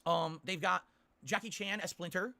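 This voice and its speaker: A man's voice: high-pitched, normal speed, gravelly, a crowd in the background. A man ranting on a stream, complaining insistently and asking "okay?" again and again.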